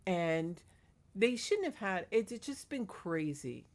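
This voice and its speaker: A woman's voice: mid-range voice, very animated, slow pace, a little mellow. Chatty, indignant woman gossiping. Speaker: vlogger. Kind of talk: casual gossip vlog. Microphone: clip-on microphone.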